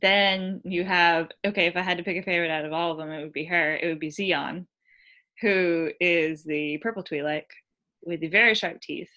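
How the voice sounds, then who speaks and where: Bright-voiced chatty woman podcaster. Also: on the low side, normal speed, dull audio. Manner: chatty, animated, lots of "like" and quoted voices. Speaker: podcast co-host. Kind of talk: casual chat reviewing a show.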